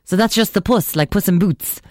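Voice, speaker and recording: A woman's voice: medium pitch, fairly quick, darkish tone, no room sound. An Irish woman hosting a radio show, chatting playfully and laughing easily. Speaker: radio host. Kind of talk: casual radio chat.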